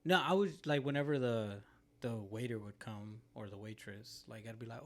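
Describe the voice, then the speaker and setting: A man's voice: mid-range voice, fairly quick, a bit bright, a little hiss or hum. Young male co-host, laid-back and rambling, casual profanity, filler-heavy chat.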